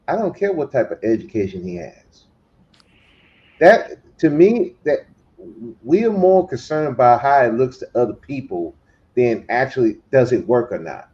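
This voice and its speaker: A man giving casual spoken commentary as a podcast panelist, talking in long animated runs that climb to emphatic points. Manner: animated, builds to emphatic higher pitch. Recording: dull lo-fi stream audio.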